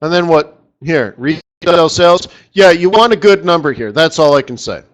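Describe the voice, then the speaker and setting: Excitable man talking forex markets. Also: on the high side, normal speed. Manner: excitable, chatty, lively exclamations. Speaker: market strategist host. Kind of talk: live trading webinar commentary.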